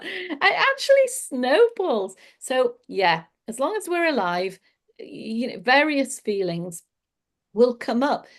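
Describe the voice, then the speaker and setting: A woman giving a casual, reflective spiritual talk, laughing often as she explains. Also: a little high. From England. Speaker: spiritual teacher.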